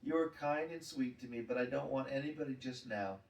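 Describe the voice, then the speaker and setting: A gentle schoolgirl, heartbroken and trembling as she pleads to be left alone, voiced by a man. The storybook reading sounds roomy and distant from the mic. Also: medium pitch, a little fast, close to an everyday voice. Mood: withdrawn.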